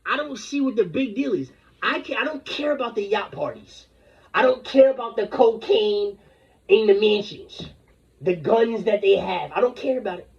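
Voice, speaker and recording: A man's voice: high voice, expressive, moderate pace, creaky, slightly rough. A man delivering an angry, rambling, confrontational rant full of profanity. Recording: dull lo-fi recording.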